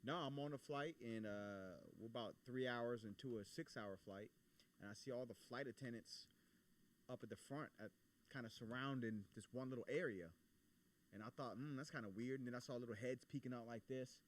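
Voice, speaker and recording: A man co-hosting a casual comedy podcast, telling a long story in a profane, animated way and acting out his own reactions. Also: mid-range voice, brisk. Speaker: podcast co-host.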